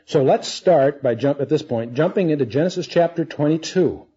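Mellow-voiced man teaching the Bible. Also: fairly high pitch, expressive, normal speed, husky. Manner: conversational, asks the audience questions. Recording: dull lo-fi recording.

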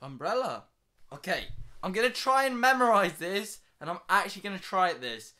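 A young man filming a casual vlog, excitable and swearing freely as he laughs at himself at home. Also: high-pitched, moderate pace. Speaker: YouTuber.

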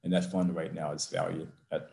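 Mellow-voiced older man telling a story. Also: sits low, flat delivery, gravelly. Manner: slow, emotional storytelling rising to rousing emphasis. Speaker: university president. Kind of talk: storytelling in a video-call interview. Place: office. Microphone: video call.

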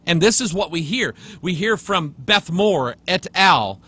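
A male pastor preaching a sermon, reading passages aloud and rebutting them with emphasis, sometimes dropping to a low hush. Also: lively intonation, measured pace, husky.

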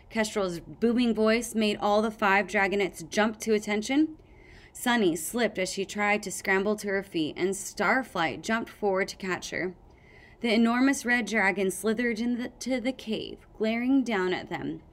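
A woman reads a fantasy novel aloud in a steady storytelling voice. Her pitch sits in the middle for a woman, and she carries the narration between the characters' lines. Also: measured pace. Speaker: audiobook reader.

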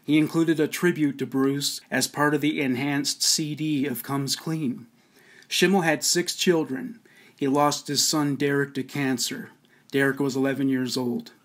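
A man's voice: medium pitch, fairly even intonation, unhurried. A man narrating a podcast in a plain, factual, scripted way. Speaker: podcast host.

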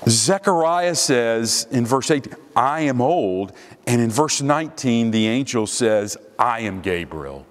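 A male pastor preaching a sermon emphatically, repeating his key phrases, in a church sanctuary. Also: medium pitch. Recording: long hall reverb.

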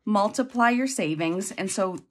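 A woman's voice: medium pitch, lively intonation, normal speed. A woman vlogger chatting casually as she unboxes mail, effusive and chatty with frequent exclamations. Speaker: budgeting vlogger.

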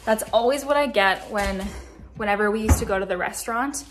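Young woman vlogging, chatty and a bit dramatic, mid pitch, bit of faint background hum. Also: fairly quick. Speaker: vlogger and law student. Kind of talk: casual vlog chat to camera.

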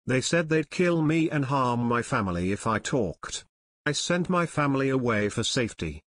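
A man's voice: mid-range voice, very animated, normal speed, a bit bright. A man voicing a shaky, frightened shopkeeper. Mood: confessing. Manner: shaky, broken, pleading. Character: frightened, shaky male costume dealer. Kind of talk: audiobook character reading.

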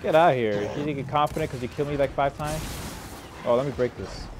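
A young man giving live commentary over his own gameplay, grumbling, swearing at teammates and putting himself down, with mumbled asides that break into sudden shouts. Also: on the high side, steady tone, quick pace, noisy background. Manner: frustrated, self-deprecating, swears and mutters at teammates. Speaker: gaming YouTuber.

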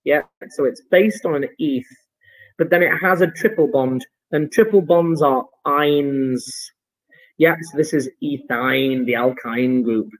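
Brief: male chemistry teacher, fairly high voice, jokey and upbeat while explaining homework. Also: measured pace, poor audio. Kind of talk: online homework review lesson.

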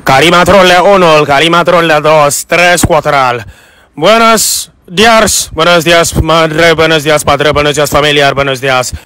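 A Nigerian man running excitable, sing-song mock football commentary. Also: on the high side, moderate pace, smooth, dry recording.

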